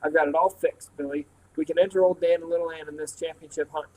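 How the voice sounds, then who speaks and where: An old country grandpa full of schemes and excitement, talking in a folksy, eager way, pitched a little high, as a man reading aloud puts him on. it sounds like a storybook read at home. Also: quick pace, natural voice, rough recording. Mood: excited. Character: excited old grandfather, storekeeper, shrewd dealer.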